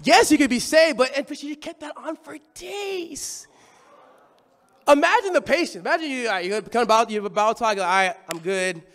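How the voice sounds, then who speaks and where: A man preaching a sermon, telling the story in an animated, conversational way. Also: very high voice, fairly quick.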